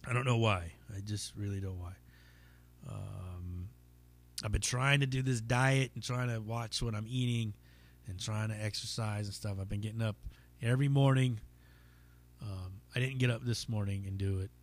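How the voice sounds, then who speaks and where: A podcast host and stand-up comic tells a stand-up story on his own show, rambling casually with plenty of swearing and fillers. His pitch is fairly low and his speed normal.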